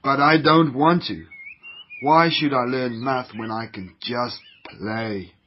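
A man's voice: medium pitch, fairly even intonation, slow pace, slight background noise, close to an everyday voice. A man voicing a whiny, easily led young schoolboy in a children's radio drama, with a slightly dull lo-fi sound. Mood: eager. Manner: whiny, sulky complaining.

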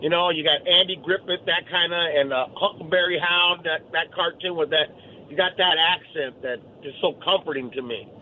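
A man's voice: a little high, moderate pace. A man calling in to a radio show, talking in an enthusiastic, nostalgic way. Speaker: caller. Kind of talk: phone call to radio show. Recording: tinny phone line with faint noise.

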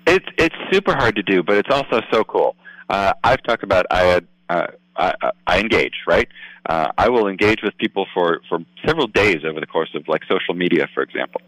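A man's voice: deep voice, expressive, fairly quick, a bit bright, no echo, rough recording. A man speaking as a political guest on a radio show, earnest and explanatory, often asking "right?". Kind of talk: casual radio talk.

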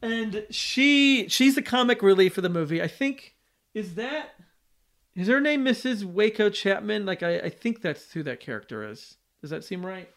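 A man's voice: sits high, expressive, moderate pace, a bit bright. A man hosting a podcast, recapping a film plot in a loose, rambling chat full of fillers and restarts. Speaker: podcast host.

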